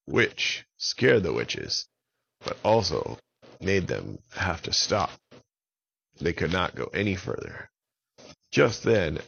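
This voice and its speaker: A man with a very low, gravelly voice tells a children's story. He speaks slowly, with lively ups and downs in pitch. The recording is slightly dull and lo-fi. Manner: unhurried, expressive storytelling.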